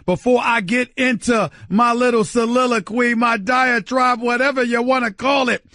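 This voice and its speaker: Middle-aged male radio host from New York, high bright voice, booming theatrical rants that hammer every point. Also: fairly even intonation, normal speed, no room sound, studio quality. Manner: loud, shouting, emphatic and theatrical; repeats phrases for emphasis, addresses "ladies and gentlemen". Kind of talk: sports talk radio monologue.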